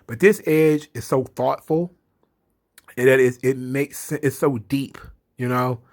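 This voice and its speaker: A man giving casual solo commentary on a wrestling show, rambling and opinionated, with swearing and laughs. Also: mid-range voice.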